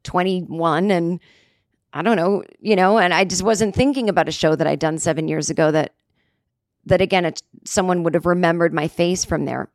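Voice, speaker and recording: A woman's voice: fairly low pitch, moderate pace, no room sound, studio quality. A woman comedian hosting a podcast, telling a story in a casual, digressive way, full of "like" and "you know", from a hotel room.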